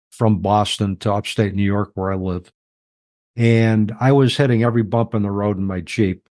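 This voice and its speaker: Middle-aged man, low voice, dry close sound; reflective, halting interview guest. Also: darkish tone, no room sound. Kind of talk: personal storytelling in an interview.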